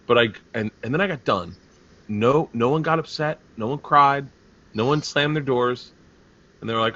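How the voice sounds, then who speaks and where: Animated man with a bright voice. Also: medium pitch, normal speed. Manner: animated, profane storytelling. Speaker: comedian, podcast host. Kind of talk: casual podcast chat. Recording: muffled lo-fi audio.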